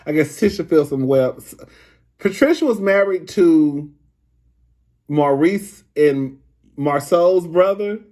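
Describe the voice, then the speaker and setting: A man casually recapping a reality show episode, gossipy and animated, often breaking into laughter. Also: on the high side.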